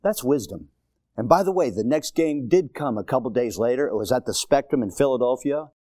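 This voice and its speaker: A man preaching a sermon as a visiting preacher. He swings between low, quiet asides and loud, high, shouted exhortation, with repetitive, rousing phrases. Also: animated, brisk, no echo, clean studio sound. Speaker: guest preacher.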